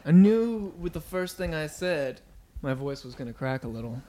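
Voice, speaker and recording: A man's voice: medium pitch, normal speed. A man, the lead guitarist, chatting as a guest on a podcast in a joking, easygoing way. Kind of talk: casual podcast chat.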